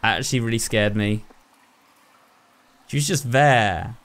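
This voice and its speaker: A man's voice: medium pitch, measured pace, fairly bright tone. A young man commenting on a horror game playthrough, thinking aloud and talking to his viewers. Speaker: gaming YouTuber. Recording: clear game ambience behind the voice. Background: horror game sounds.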